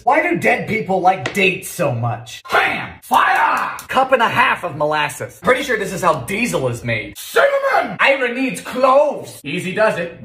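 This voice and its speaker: A man cooking in his home kitchen, trading dry sarcastic quips with sudden shouted outbursts. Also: sits high, echoey room. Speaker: comedy cooking host. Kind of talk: quick comic cooking commentary.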